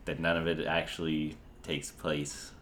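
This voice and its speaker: A podcast guest, a man with a very low voice, walks through a theory slowly and methodically. Clear background noise runs beneath him. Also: flat delivery. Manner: explanatory, measured. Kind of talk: casual podcast chat.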